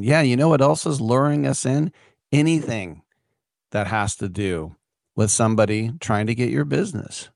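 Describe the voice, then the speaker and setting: A man's voice: medium pitch, dry recording, studio quality. A man hosting a talk show, giving his casual opinions in a wry, conversational way with fillers. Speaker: radio host.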